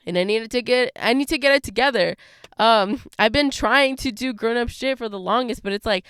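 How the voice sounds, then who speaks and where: A woman's voice: on the high side, fairly quick, fairly bright tone, smooth, no echo. A young adult woman talks through her solo podcast in a loose, rambling way, full of fillers and asides. Her voice comes through very clean and close, with a dry sound and no room around it. Her throat sounds a little scratchy. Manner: rambling, lots of "like" and "you know". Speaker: podcast host. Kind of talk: casual solo podcast monologue.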